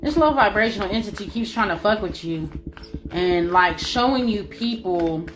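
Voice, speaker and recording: A woman's voice: medium pitch, expressive, moderate pace. Emphatic woman over background music. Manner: emphatic, repetitive, swings loud and soft, laughs often. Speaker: spiritual reader. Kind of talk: spiritual channeling monologue. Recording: music playing behind.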